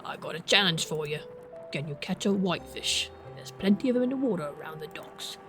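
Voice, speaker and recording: A woman's voice: lowish voice, lively intonation, fairly quick, over music, natural voice. A woman voicing Wilfred, a kindly older male animal who runs a fish store in a farming game, with a folksy, encouraging way of talking. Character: gruff older male fox-like fishmonger, kindly.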